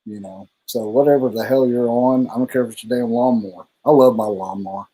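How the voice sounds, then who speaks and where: Mellow-voiced guy rambling on a livestream, easygoing, swears a lot. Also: mid-range voice, steady tone, a little fast, rough recording. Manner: laid-back, rambling, curses casually. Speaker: co-host of a motorcycle channel livestream. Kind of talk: casual livestream chat.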